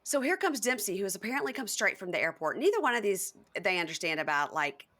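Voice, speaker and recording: A woman's voice: medium pitch, very animated, fast talker, fairly bright tone. A woman hosting a podcast, recapping a reality show in casual chat and acting out the quotes in playful voices. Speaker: podcast host.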